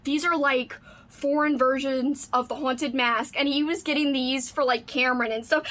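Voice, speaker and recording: A woman's voice: fairly high pitch, steady tone, fairly quick, fairly bright tone. A young woman book vlogger unboxing mail in casual chat, gushing and squealing with delight, saying "like" and "oh my god" often.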